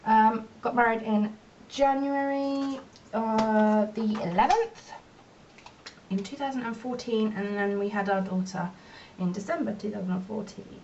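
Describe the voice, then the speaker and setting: Woman vlogger, rambling and self-mocking, recorded a bit far off with faint rumble. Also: fairly even intonation, measured pace, darkish tone. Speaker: beauty vlogger. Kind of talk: casual chat while doing makeup. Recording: distant, dull lo-fi mic with faint rumble.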